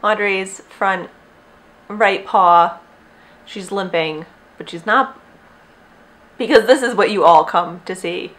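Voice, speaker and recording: A young woman hosting a knitting podcast at home, chatting casually and rambling, often breaking off to talk to her dog. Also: mid-range voice. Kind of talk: casual chat. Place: at home with dogs.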